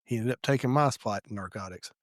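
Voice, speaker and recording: A middle-aged man, a retired police sergeant telling stories in a casual podcast chat, profane and animated. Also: medium pitch, quick pace, no echo, clean studio sound.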